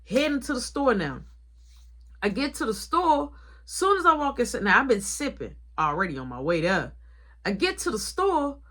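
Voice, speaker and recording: A young woman store manager telling a story in an animated, colloquial way. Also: on the high side, moderate pace. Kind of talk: casual storytime vlog.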